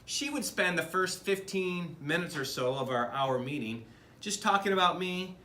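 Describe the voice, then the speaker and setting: A man's voice: sits high, expressive, moderate pace, sharp tone. Earnest middle-aged man in an echoey room. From Michigan. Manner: conversational, earnest, with frequent fillers and restarts. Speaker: business leader. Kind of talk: speaking to camera about leadership.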